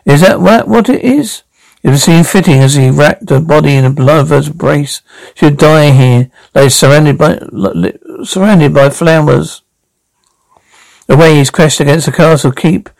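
A man's voice: fairly high pitch, a little slow, vocal fry, a little mellow, no room sound, rough recording. A man reading a drama aloud, reading out the stage directions along with the lines.

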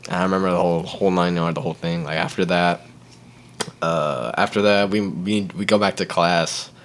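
Young man, low voice, rambling casual storytelling, lots of fillers, acts out other people's lines. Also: fairly even intonation, fairly quick, fairly bright tone, a little hiss or hum. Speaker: podcast host.

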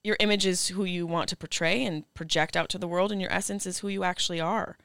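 A woman's voice: lowish voice, steady tone, quick pace, vocal fry, a bit bright, clear, resonant tone, dry recording. A woman guest on a podcast, talking in an earnest, reflective and emphatic way. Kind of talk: casual chat.

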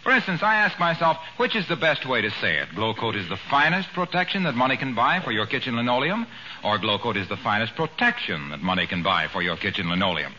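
A man's voice: a little high, sing-song, fast talker, few pauses, sharp tone, muffled recording, exaggerated voice. An actor playing an earnest announcer with a polished salesman delivery in 1940s radio comedy acting. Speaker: announcer-type neighbor. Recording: old radio recording with faint hiss.

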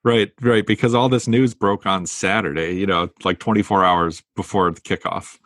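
A man co-hosting a podcast, relaxed casual sports chat, laughing often. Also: low-pitched, moderate pace, no echo, clean studio sound. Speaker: podcast co-host.

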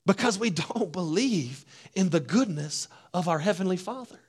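A man preaching a sermon, swinging from hushed, low phrases to loud, emphatic ones. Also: expressive, moderate pace, few pauses, slightly rough. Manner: preaching with wide swings between hushed and loud, acting out voices. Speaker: pastor.

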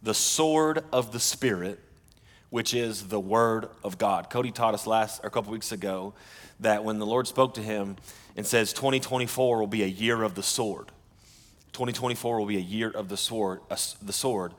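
A male pastor preaching with a low voice. His earnest delivery stops and restarts often, and his words carry a long reverb through a large church hall. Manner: earnest, halting, with frequent restarts. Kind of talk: sermon.

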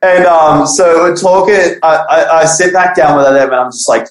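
A young man casually telling a profane school story on a podcast, animated, acting out the people he quotes. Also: on the high side, normal speed. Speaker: podcast guest. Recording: echoey room.

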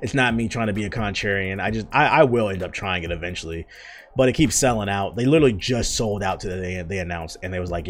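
A man's voice: fairly low pitch, lively intonation, a little fast. A young man hosting his own podcast, ranting casually with lots of swearing, restarts and exasperated asides. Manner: profane, rambling, exasperated. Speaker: podcast host. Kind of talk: casual solo podcast rant.

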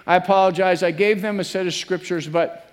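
A man's voice: high voice, fairly even intonation, brisk. A man preaching a sermon as pastor, earnest and repetitive, building to emphatic peaks. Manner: earnest, repeats phrases, rises to emphatic peaks. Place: church sanctuary. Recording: long reverb of a church hall.

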